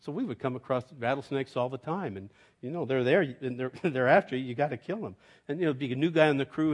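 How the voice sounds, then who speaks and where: Medium in pitch and quick in pace, a middle-aged male pastor's sermon shifts from emphatic, soaring declarations to quiet storytelling punctuated by chuckles.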